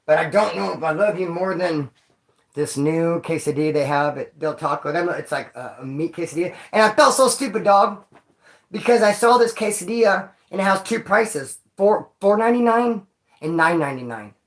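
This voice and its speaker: A man's voice: high voice, moderate pace. Male vlogger, casual storyteller, slangy and jokey, rambling delivery. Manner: rambling, slangy and joking, calls viewers homeboy and dog. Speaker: vlogger telling prison stories.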